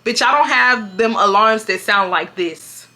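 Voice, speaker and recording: Bright-voiced playful woman in her twenties. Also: mid-range voice, a little slow, faint music behind. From Houston, Texas. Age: 20s. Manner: animated and playful, laughing and joking between parts. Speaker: YouTuber. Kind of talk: storytime vlog, reading a viewer's story and reacting.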